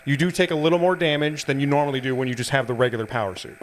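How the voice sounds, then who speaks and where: Game music plays as a man co-hosting a let's play casually walks a friend through the game's history and mechanics. His medium-pitched voice is steady and rapid-fire, with a little hiss or hum on the audio.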